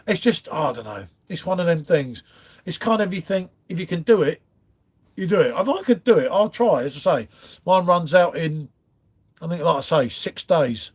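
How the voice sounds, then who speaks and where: A man chats loosely through a livestream from his front room, greeting viewers and wandering from topic to topic. His voice sits a touch high for a man, and he leans on "mate" and "innit" all the way through. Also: expressive, normal speed, darkish tone, breathy edge. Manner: chatty, rambling, calls viewers mate. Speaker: livestream host. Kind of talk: casual live chat reading comments.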